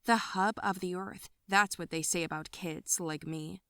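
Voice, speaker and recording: Woman narrator for an animated story, first-person, confessional, bright, dry close mic. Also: on the low side, a little slow, no echo.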